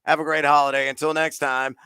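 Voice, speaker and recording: A man hosting a fantasy football Q&A, answering chat questions rapid-fire with playful, hyped asides. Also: fairly high pitch, little pitch movement, bright, forceful tone, clear, resonant tone, dry recording. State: out of breath.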